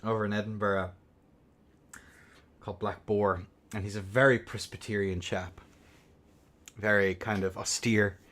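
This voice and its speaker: A young man hosting a game tournament stream, rambling and swearing between bursts of excited play-by-play commentary. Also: on the low side, measured pace, pauses often. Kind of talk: casual livestream game commentary.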